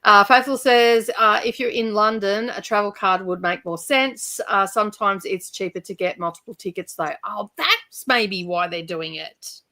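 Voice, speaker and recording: A woman's voice: mid-range voice, normal speed, few pauses, bright, forceful tone. A woman hosting a casual livestream, chatting with a guest and reading out viewers' comments, laughing often. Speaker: livestream host.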